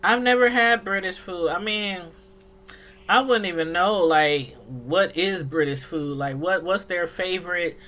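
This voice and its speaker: A woman's voice: fairly low pitch, unhurried, a bit bright. A middle-aged woman hosting a casual call-in livestream, laughing often and reading chat comments aloud. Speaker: livestream host.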